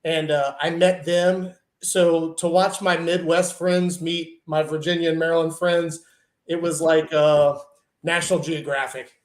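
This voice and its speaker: A man with a fairly high voice tells a rambling story in casual chat, laughing often and putting on voices for the people in it. His voice bounces around a roomy space that has a noticeable echo. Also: a little slow. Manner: animated, laughs often, acts out quoted friends. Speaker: truck and tractor pulling guest. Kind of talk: casual storytelling on a live show.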